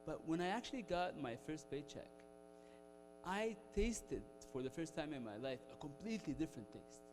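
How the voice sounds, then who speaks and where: A man's voice: a little high, lively intonation, moderate pace. Young Egyptian man, raised voice, loose chatty storyteller, hall echo, faint music underneath. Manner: chatty, lots of fillers, laughs often. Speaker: speaker at an alumni talk. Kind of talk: casual storytelling talk.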